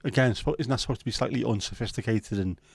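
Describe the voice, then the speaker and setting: A man's voice: medium pitch, fast, gravelly, breathy edge, no room sound. A man with a Liverpool accent hosting a livestream, chatting casually and bluntly with plenty of swearing while reading viewer comments. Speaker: livestream host.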